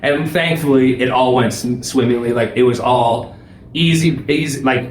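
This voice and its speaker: Young man, casual animated storyteller, mid-range voice, roomy echo. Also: mid-range voice, moderate pace, slight background noise. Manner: animated, laughing, swears freely. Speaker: paramedic guest.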